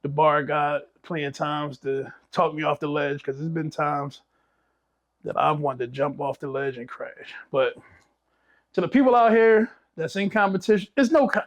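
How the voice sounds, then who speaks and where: Male business owner, high voice, profane, straight-talking podcast guest. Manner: blunt, profane storytelling. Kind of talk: casual podcast chat.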